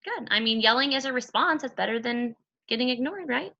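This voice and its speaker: A woman's voice: a little high, animated, fairly quick, gravelly, pushed and bright, muffled recording. A woman hosting a group video call, upbeat and encouraging with her team. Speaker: call host, team leader.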